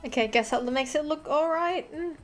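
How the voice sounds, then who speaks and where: Aussie girl streamer, bit high voice, chatty n sweary while drawing, soft music behind. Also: moderate pace. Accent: Australian. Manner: chatty, swears freely, mutters to herself. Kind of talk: casual live-stream chat while drawing.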